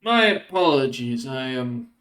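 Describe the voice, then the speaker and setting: A man voicing a friendly, easygoing male winged elf adventurer who speaks courteously, pitched above his narrating voice. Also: big pitch swings, a little slow, a bit bright. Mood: polite.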